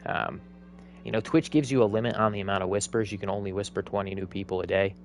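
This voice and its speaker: A man's voice: fairly low pitch, fairly even intonation, fast talker, soft background music. A man chatting casually to viewers while streaming a game, upbeat and rambling. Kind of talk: live game streaming commentary.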